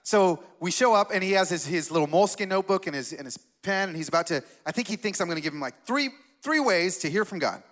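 A male pastor preaches in a loose, storytelling style, throwing questions at the congregation and answering them himself. His voice sits high for a man and sounds bright and sharp, and he talks with lively, conversational energy. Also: fast, hardly any pauses. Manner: animated, conversational, asks the crowd questions. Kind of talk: storytelling sermon.

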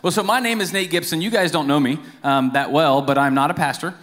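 A man's voice: on the high side, brisk, a bit bright. A man, a church accountant, giving a casual, self-deprecating lay sermon full of fillers and asides. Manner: informal and self-deprecating, with many fillers and restarts. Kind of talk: lay sermon with jokes and stories. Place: church sanctuary. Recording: long reverb of a church hall.

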